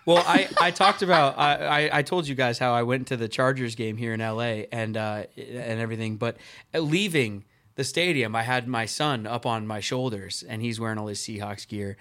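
A man in his thirties hosting a casual sports podcast, telling stories in a lively, playful way. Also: mid-range voice, normal speed. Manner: animated, playful storytelling. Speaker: podcast host.

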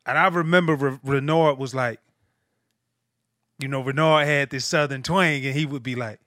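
A man in his thirties hosting a casual chat, a former linebacker who tells animated stories and acts out his teammates. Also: mid-range voice, moderate pace, dry recording, studio quality. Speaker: podcast host, former linebacker.

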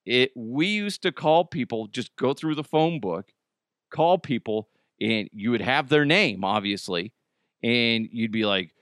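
Animated, joking male podcast host. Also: medium pitch, unhurried, no echo, clean studio sound. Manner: joking, animated, puts on silly voices. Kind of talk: casual comedic chat.

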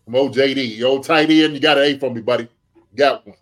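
A man who played tight end, giving animated sports analysis, full of rhetorical "okay?" and "right?" check-ins. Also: mid-range voice, fast talker. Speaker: podcast co-host, former tight end.

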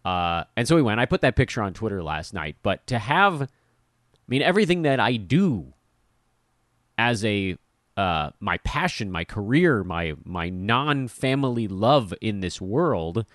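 Lively self-mocking man hosting a podcast. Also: on the low side, a little slow, no echo, studio quality. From Los Angeles, USA. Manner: self-deprecating, animated storyteller. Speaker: podcast host. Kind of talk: casual solo podcast monologue.

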